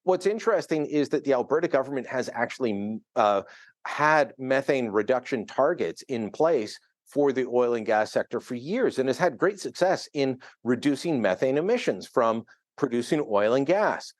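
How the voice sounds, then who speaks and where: Joining a news interview over a remote link from a studio in another city, a guest columnist gives opinionated political commentary, chuckling as he goes. His medium-pitched voice is expressive and moves at normal speed, and the recording is dry.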